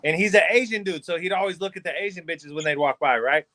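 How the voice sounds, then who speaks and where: High-voiced man telling stories. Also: fast. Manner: profane, animated, acts out quotes. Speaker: podcast co-host. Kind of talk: casual storytelling among friends.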